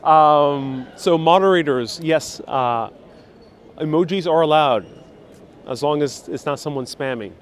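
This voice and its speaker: A man's voice: a little high, unhurried. A man hosting a live-streamed walking tour outdoors, reading viewers' chat aloud and answering it casually as he walks, filmed on a phone. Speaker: travel vlogger. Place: outdoors on a busy old-town street. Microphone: phone held while walking. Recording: faint street noise and traffic.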